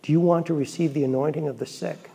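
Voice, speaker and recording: A middle-aged man, a Catholic priest, tells a personal story from the pulpit, earnest and reflective, dropping to quiet asides. His voice sits a touch high for a man, with a mellow, dark tone. It is gravelly and husky throughout. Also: steady tone, fast. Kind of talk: storytelling homily.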